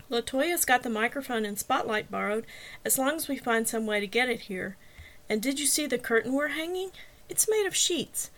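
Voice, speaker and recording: A woman voicing an eager young female dorm organizer who chatters excitedly in an audiobook. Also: on the high side.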